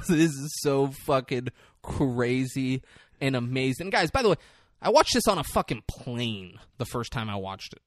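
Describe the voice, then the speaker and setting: A young man co-hosting a casual podcast, talking in an animated, excitable way and swearing freely. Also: mid-range voice, measured pace, no echo, clean studio sound. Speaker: podcast co-host. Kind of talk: casual chat.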